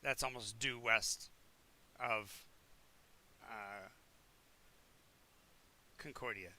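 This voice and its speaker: A man narrating as game master of a tabletop game on a live stream, explaining the world in a halting way with many restarts. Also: fairly low pitch, fairly even intonation, bright, forceful tone, a little hiss or hum. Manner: halting, with many restarts and fillers while checking the map.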